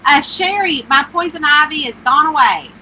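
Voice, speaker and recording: Bright, high-voiced woman. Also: animated, normal speed, slight background noise, low-quality recording. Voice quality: high-pitched, squeaky and twangy. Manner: chatty, greets viewers by name. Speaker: author hosting a livestream. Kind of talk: casual live-stream chat. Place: inside a small camper with the air conditioner running.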